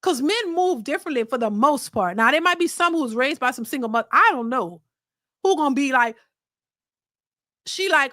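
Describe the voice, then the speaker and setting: A woman hosting a livestream, thanking viewers for super chats and giving blunt, animated opinions. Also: high-pitched, a little fast, dry recording, clean studio sound. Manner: blunt and animated, slipping into mocking voices. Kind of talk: casual opinion commentary.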